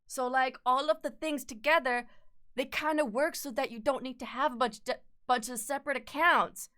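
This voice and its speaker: A woman's voice: high voice, fairly even intonation, normal speed, sharp tone. A woman streamer chatting casually and rambling while she draws, self-deprecating and swearing freely. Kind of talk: casual live-stream chat while drawing.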